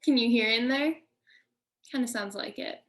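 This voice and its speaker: Higher-voiced woman teaching kids about nature. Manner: friendly, slow, addressing kids directly. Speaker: nature educator. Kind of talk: children's nature lesson.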